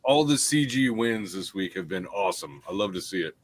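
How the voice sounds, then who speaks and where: A man co-hosting a casual livestream, laid-back and quick to laugh, mostly answering with short agreeing replies. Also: deep voice, lively intonation, a loud crowd. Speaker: co-host. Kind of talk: casual chat.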